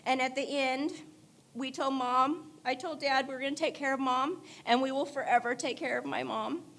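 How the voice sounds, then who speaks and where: A woman's voice: sits high, steady tone, normal speed, vocal fry, a bit bright. A woman speaking in church at a memorial service, telling candid stories about her late father, laughing through tears and crying at times. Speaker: daughter giving a eulogy. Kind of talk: memorial eulogy.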